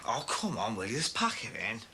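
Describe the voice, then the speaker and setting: A man's voice: mid-range voice, very animated, fairly quick, close to an everyday voice. An actor playing a resentful, sarcastic man who grumbles about money. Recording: noisy TV broadcast sound.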